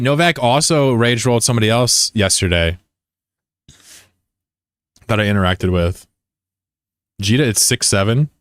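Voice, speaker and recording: A man's voice: lowish voice, fairly bright tone, clean tone, no room sound, clean studio sound. A man streaming a game and chatting casually with his viewers, rambling and joking at his own expense. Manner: rambling and digressive, with many restarts; joking, self-deprecating.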